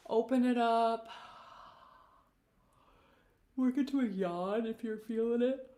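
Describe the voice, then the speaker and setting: A woman vocal coach leading a live-streamed warm-up, speaking gently and encouragingly and greeting viewers by name. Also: on the high side, takes it slowly. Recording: roomy echoey live-stream audio.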